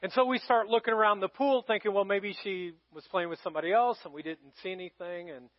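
A middle-aged male pastor telling a personal story in a sermon, conversational, swinging from loud calls to hushed moments. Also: sits high, fairly even intonation, fast, dry recording, lo-fi sound.

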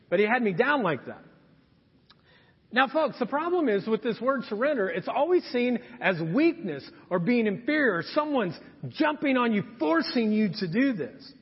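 A man's voice: high-pitched, breathy edge. A man in his thirties, a pastor, preaching a sermon with playful asides and acted-out stories. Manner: storytelling with acted-out quotes, humorous asides. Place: church sanctuary. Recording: dull lo-fi sound with long hall reverb.

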